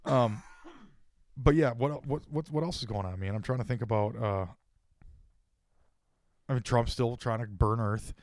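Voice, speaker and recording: A man's voice: mid-range voice, moderate pace, pauses often, a little mellow, no room sound. Crude, joking man on a podcast. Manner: crude, joking storyteller, laughs often. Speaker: podcast co-host. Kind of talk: casual chat.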